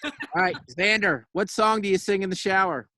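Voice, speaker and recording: High-voiced man hosting a casual chat. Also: bright, forceful tone, dry recording. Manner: loose and chatty, firing off quick questions. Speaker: radio show host. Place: backyard, outdoors.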